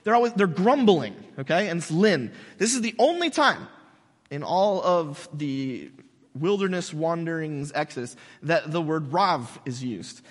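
Male pastor, fairly high voice, lively conversational sermon, long hall echo. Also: unhurried. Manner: animated, conversational storytelling. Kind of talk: casual sermon.

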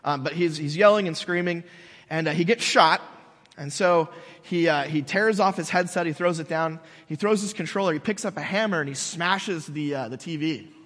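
A man preaching a casual, animated sermon, telling stories conversationally. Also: fairly high pitch, normal speed. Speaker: pastor. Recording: long hall reverb.

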